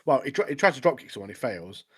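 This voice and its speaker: A man's voice: mid-range voice, sing-song, fast, slightly rough. A man co-hosting a podcast, chatting casually and eagerly in slang. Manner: enthusiastic, slangy, keeps saying mate. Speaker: podcast co-host. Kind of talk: casual chat.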